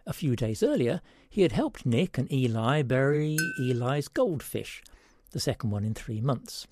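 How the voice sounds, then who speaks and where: A man's voice: medium pitch, expressive, unhurried, a little mellow, a little hiss or hum. A man hosting a word-puzzle segment, reading a story aloud and explaining, in a playful way.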